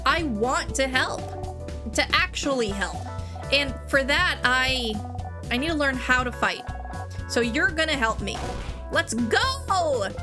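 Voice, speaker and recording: A woman's voice: high-pitched, sing-song, slow, exaggerated voice. A woman voicing a young child who is eager but scared, stammering and pleading. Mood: earnest. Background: game music.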